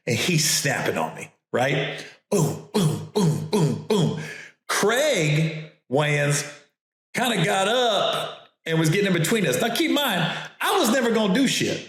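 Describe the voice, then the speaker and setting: A man, a comedian and host, telling a story in a casual, animated way, acting out the voices of others and laughing often. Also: high voice, a little slow, heavy reverb.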